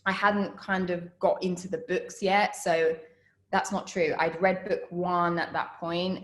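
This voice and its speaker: Chatty woman on a roomy call. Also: lowish voice. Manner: chatty, animated storytelling with laughs and fillers. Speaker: actress answering student questions. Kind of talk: casual Q&A over video call.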